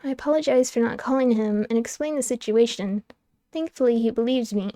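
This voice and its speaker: A young woman reads a game's story aloud in a lively, wry way. Her voice sits a little high, with a mellow, soft tone. The microphone is close and the sound is dry. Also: fairly quick, no room sound. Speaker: streamer reading a game aloud. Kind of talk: expressive narration of a game's text.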